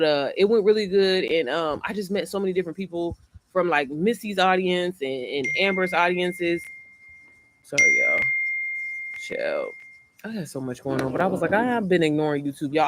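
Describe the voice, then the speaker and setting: A woman's voice: on the low side, a little fast, background noise. Chatty woman on a home livestream. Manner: chatty, rambling, repeats herself. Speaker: online business creator hosting a livestream. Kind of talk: casual livestream chat. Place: at home, indoors.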